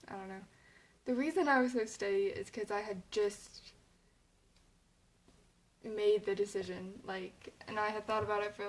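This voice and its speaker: A woman's voice: mid-range voice, poor audio. A young woman talking casually to her camera, rambling, with lots of "like" and fillers, and sounding a little emotional. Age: young adult. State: emotional, near tears. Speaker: vlogger.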